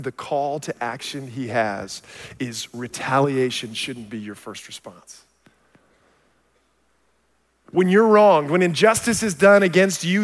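A man preaching a sermon as a pastor, telling stories with animated swings from quiet, low passages to loud shouted peaks. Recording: long hall reverb.

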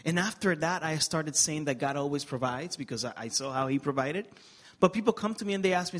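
A man's voice: a little high, lively intonation, a little fast, few pauses, a bit bright. A middle-aged man from the Republic, telling his life story as an interview guest in an earnest, emotional way with touches of humor. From Dominican Republic. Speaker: guest speaker. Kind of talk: personal testimony interview.

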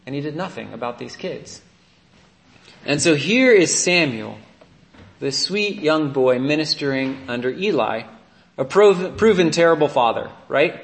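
Preaching at a measured pace, this thirtysomething priest is expressive and warm, telling stories and frequently asking "right?" to keep his audience with him. His voice runs slightly high for a man, and the space around him echoes noticeably.

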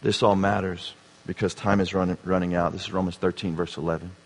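A man preaching a sermon, dropping to a hushed tone and then building to emphatic, raised passages. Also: low-pitched, flat delivery, a little fast. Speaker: pastor. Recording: reverberant hall.

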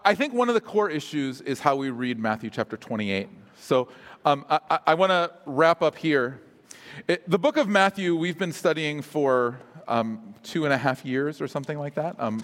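A pastor preaches a sermon in a mid-range, fairly bright voice, keeping it casual and self-deprecating with humorous asides. The recording carries a long hall reverb.

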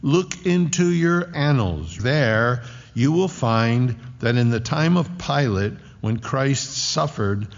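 A man preaching a sermon with a dramatic delivery, rising to loud declarations and dropping to hushed tones. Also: mid-range voice, animated, slow, vocal fry. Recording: dull lo-fi recording in a reverberant hall.

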